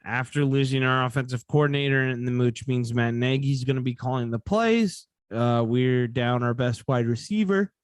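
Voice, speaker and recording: A man's voice: medium pitch, normal speed, hardly any pauses, clear, resonant tone, no room sound. Give me a drowsy male podcast host talking through game picks in a rambling way, with a dry sound. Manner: rambling, self-correcting. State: sleepy, yawning. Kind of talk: casual sports betting chat.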